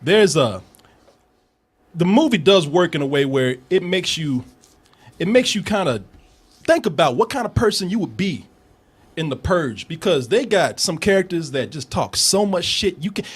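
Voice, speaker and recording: A man's voice: a little high, normal speed, breathy edge. A man hosting a casual comedic movie review podcast, laughing often and acting out lines from the film. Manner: animated, laughing, quotes characters in exaggerated voices.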